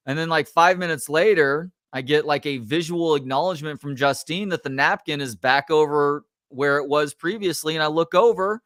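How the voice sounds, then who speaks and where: A middle-aged male sports talk host tells a story with exasperated, animated energy, swearing now and then. His voice sits a little high. It sounds dry and close to the mic. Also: normal speed, hardly any pauses, no room sound. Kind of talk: casual storytelling on a live show.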